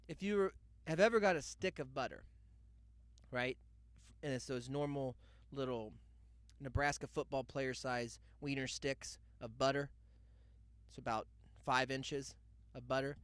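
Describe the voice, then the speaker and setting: With a medium-pitched voice and no room sound, a young podcast host wanders through a comedic monologue, dropping in asides and mock quotes along the way.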